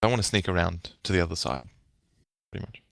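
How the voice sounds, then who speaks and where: A man playing a tabletop game, stating his moves in a halting way and repeating words. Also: low voice, animated, gravelly. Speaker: player. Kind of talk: casual tabletop play.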